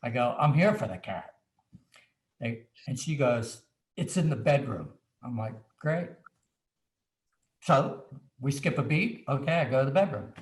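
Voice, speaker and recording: A man telling an animated story as a guest author, acting out little quoted asides as he goes. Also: medium pitch, unhurried, long pauses, echoey room. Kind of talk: anecdotal storytelling on a video chat.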